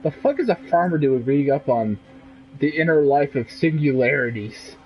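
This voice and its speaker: A man's voice: a little high, lively intonation, normal speed, a little hiss or hum, low-quality recording. A man giving profane, sarcastic commentary while streaming a game.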